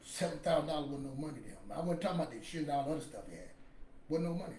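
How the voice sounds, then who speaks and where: A man's voice: fairly high pitch, expressive, racing, darkish tone, far from the mic, a little hiss or hum. A man, casually telling a motivational story in a rambling, emphatic way. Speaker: podcast host. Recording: echoey room with faint ambience.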